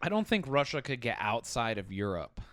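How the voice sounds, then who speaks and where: A man co-hosting a podcast in casual chat, excitedly explaining history facts and laughing often. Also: medium pitch, no room sound. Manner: animated, laughing, quick to lecture on history. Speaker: podcast co-host.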